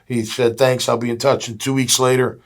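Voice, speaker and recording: This is a former pro football player in his fifties from Jacksonville, Florida, chatting as a guest in a casual interview. His mid-range voice is brisk with little pitch movement. He tells stories packed with "you know" fillers and acts out the dialogue he remembers.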